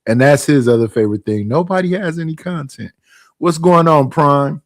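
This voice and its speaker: A man's voice: on the high side, moderate pace, dry recording, studio quality. A man in casual stream chat, rambling about other channels.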